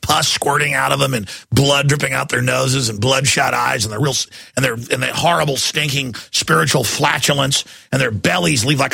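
A man's voice: medium pitch, gravelly, bright, forceful tone, breathy edge, no room sound, clean studio sound. A man hosting a talk radio show, ranting in a mocking, grotesque way and laughing often. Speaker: radio host taking calls.

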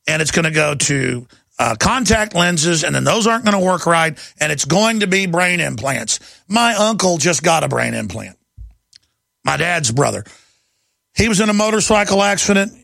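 A man's voice: fairly high pitch, creaky, a bit bright, no room sound. A middle-aged man hosting a talk radio show, ranting fervently in a rising, impassioned monologue.

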